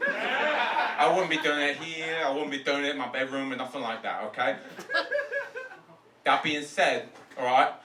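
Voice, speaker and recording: A comedian plays William Shakespeare as a swaggering London roadman, loud and rambling in heavy street slang, his voice pitched high. The sound is echoey and distant, with clear noise around him in the comedy club. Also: expressive, unhurried, pauses often. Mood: brash. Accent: London roadman slang (put on). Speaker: roast comedian.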